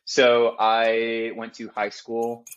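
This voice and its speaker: A man's voice: mid-range voice, completely flat delivery, slow pace, smooth, muffled recording. A young man from Austin, a podcast guest chatting easily with many fillers. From Austin, Texas. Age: young adult. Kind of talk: casual chat.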